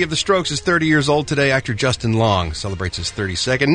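A man's voice: mid-range voice, sing-song, quick pace, a bit bright, faint music behind. A man co-hosting a radio show, reading celebrity birthdays with a wry, jokey delivery. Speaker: radio co-host.

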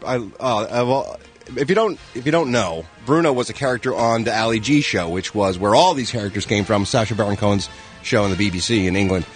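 A man hosting the entertainment news segment of a morning radio show, wisecracking and lively. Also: lowish voice, fairly quick, soft background music. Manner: wisecracking, lively, puts on voices in stories.

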